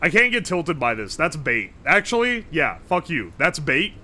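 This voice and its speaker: A man's voice: fairly high pitch, sing-song, moderate pace, sharp tone. A man streaming live, reading his chat aloud and reacting in a joking, profane way. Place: home streaming setup.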